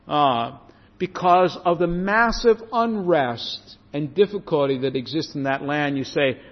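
A man preaching a sermon as a pastor, with lively rises and falls, who slows down when he reads scripture. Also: high-pitched. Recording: dull reverberant hall sound.

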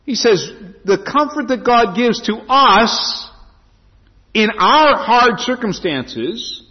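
A man preaching a sermon as a pastor, swinging his emphasis up and down as he reads and explains scripture. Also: high voice. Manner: preaching with lively rising and falling emphasis. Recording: dull lo-fi sound in a reverberant hall.

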